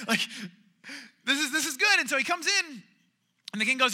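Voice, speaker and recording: A young man preaching a sermon, telling a parable with lively storytelling and acting out the voices of its characters. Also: very high-pitched, moderate pace, pauses often. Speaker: pastor.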